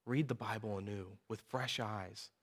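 A man in his thirties preaching a sermon, telling personal stories in a lively, conversational way with frequent asides to the audience. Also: lowish voice, moderate pace. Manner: animated storytelling, conversational asides.

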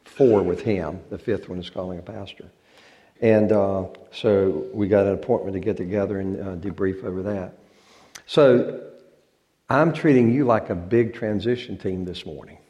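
In a church sanctuary, a man with a drawl addresses the congregation in a low, mellow voice at normal speed, captured on lo-fi audio. His manner is folksy and joking, and he draws out words for effect. He comes across as a pastor chatting with his flock rather than preaching at them.

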